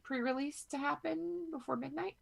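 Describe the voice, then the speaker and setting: A woman in her thirties, hoarse from a cold, chatting as a podcast co-host and telling rambling, profane stories. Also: high-pitched, moderate pace. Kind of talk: casual chat.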